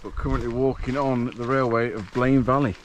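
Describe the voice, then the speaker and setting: A man's voice: mid-range voice, steady tone, a little fast, a little hiss or hum. A man hiking with a friend outdoors, making brief offhand remarks about the trail. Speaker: walking companion. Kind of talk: casual chat while hiking.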